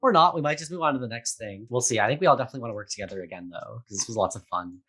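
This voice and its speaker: A young adult man speaking as a guest in a casual interview. He rambles along with a steady stream of fillers and breaks into laughter often. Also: mid-range voice, racing. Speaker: theatre maker guest.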